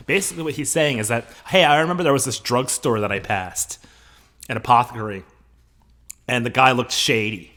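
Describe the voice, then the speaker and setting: Guy teacher going through a play, reads the lines dramatic then jokes about them, bright clear voice. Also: medium pitch, fairly quick. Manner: casual, joking asides between dramatic readings. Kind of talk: reading a play aloud and explaining it.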